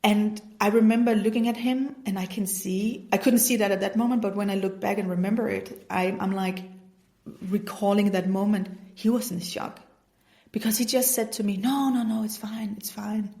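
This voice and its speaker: Woman telling her story on her podcast, kinda gravelly voice, acts out what everyone said. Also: mid-range voice, steady tone, normal speed, dark tone. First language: Danish. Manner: earnest, re-enacts dialogue with "I was like". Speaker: podcast host. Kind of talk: personal storytelling.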